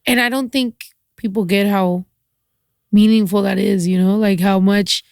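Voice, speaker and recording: Gravelly woman chatting, full of likes. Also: mid-range voice, steady tone, measured pace, no room sound, clean studio sound. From Mexico. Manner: sympathetic, warm reactions, lots of fillers. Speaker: guest, musician. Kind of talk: casual chat.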